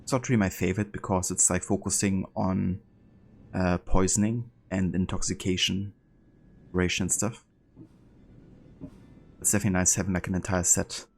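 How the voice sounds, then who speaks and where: A man's voice: sits low, normal speed, pauses often, slight background noise. A man streaming a video game live, chatting casually and thinking aloud as he plays. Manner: relaxed, thinking aloud with fillers.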